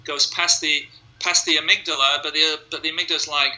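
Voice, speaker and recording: A man's voice: fairly high pitch, fairly even intonation, a little fast, pushed and bright, rough recording. A man, a hypnotist being interviewed, explaining his method step by step in casual conversation and acting out what his clients think. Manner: explains step by step, acts out clients' inner voices. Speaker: hypnotist guest.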